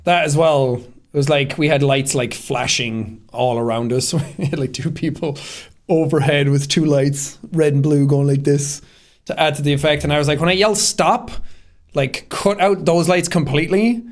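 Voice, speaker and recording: A man's voice: on the high side, fairly even intonation, normal speed. A man casually explaining how he made his short film, rambling with lots of fillers and frequent laughter. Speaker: creator commenting on his own short film. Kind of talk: casual behind-the-scenes commentary.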